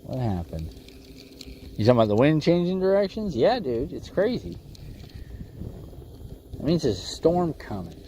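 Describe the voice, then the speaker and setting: A man's voice: fairly high pitch, huge pitch swings, moderate pace, pauses often, warm tone. A man hosting a fishing livestream from a windy lake, chatting casually and joking with his viewers, laughing often.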